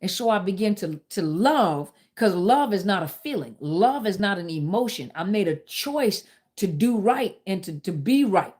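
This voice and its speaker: A woman's voice: medium pitch, lively intonation, moderate pace, a little mellow, slightly rough. A middle-aged woman, hosting a live talk and telling a personal story candidly, speaking straight to her viewers. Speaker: host.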